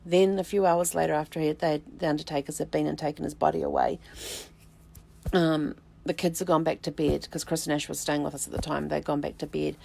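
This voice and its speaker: Low, gravelly-voiced woman storyteller. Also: flat delivery. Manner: reflective, unhurried, with halting restarts and soft fillers. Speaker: vlog host, family tree researcher. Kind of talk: personal storytelling to camera.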